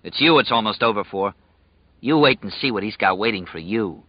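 A man voicing a gruff, threatening male guard who growls in an audiobook reading. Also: on the low side, lively intonation, fairly quick, no room sound, dull audio.

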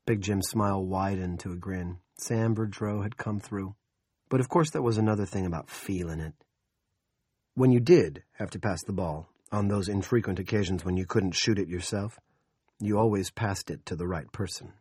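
A man narrating an audiobook in a steady, measured storytelling manner. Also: deep voice, husky, dry recording, clean studio sound.

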